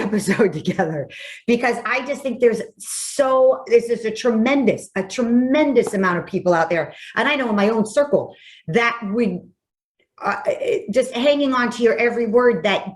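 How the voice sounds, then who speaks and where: A woman hosts a podcast, speaking with effusive enthusiasm and frequent halting restarts. Her voice sits somewhat high for a woman. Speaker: podcast host. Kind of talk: podcast conversation.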